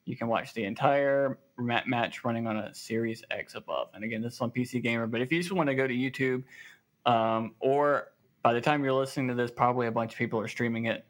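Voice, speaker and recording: Speaking quickly at a medium pitch, this Southern American co-host of a laid-back gaming podcast cracks jokes. He reads the news out loud, sprinkling in fillers.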